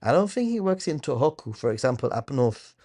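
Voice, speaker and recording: A man at a middle pitch hosts a live question-and-answer stream, working through viewer questions at an easy pace. He thinks aloud as he goes, with frequent hesitant fillers and small restarts. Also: very animated, a little fast, darkish tone. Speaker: host of a travel channel.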